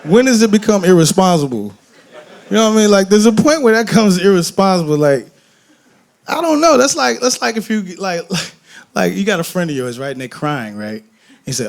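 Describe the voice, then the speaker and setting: Man from detroit, onstage conversation, swinging pitch, profane storyteller, jokey. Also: moderate pace, vocal fry. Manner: animated storytelling, profane and joking, acts out voices. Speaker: guest musician on stage. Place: festival main stage before an audience.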